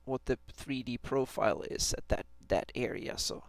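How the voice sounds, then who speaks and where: Brief: man, mid pitch with gravelly fry, dry close sound, musing hesitantly while streaming map work. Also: moderate pace, no room sound. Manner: hesitant, many restarts and fillers. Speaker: fantasy map maker streaming his work. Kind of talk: thinking aloud on a live stream while drawing a map.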